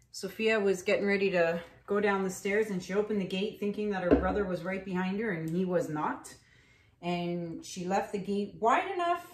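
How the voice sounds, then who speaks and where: Chatty woman painting in an echoey room. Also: medium pitch. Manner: chatty, rambling, with frequent fillers. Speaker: acrylic pour artist. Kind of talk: casual painting tutorial with storytelling.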